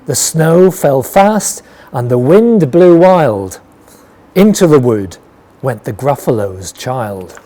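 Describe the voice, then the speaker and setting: Man reading a picture book aloud, slow and rhythmic, very lively pitch, mellow tone. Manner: rhythmic, expressive rhyming delivery. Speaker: storyteller.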